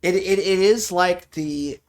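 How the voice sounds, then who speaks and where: A player talking through a game demonstration in a loose, conversational way. They stop and restart often and fill pauses with ums, with an easygoing tone throughout. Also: mid-range voice. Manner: relaxed, hesitant, with frequent ums and restarts. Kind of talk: casual live game walkthrough.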